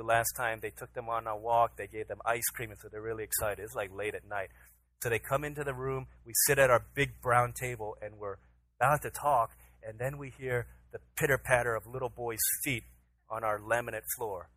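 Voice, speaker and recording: Brief: male pastor, 30s, bright, forceful voice, storytelling sermon that acts out the dialogue. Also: mid-range voice, fairly even intonation, brisk, slight background noise, low-quality recording. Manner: storytelling, acts out his own pleading voice to his toddler.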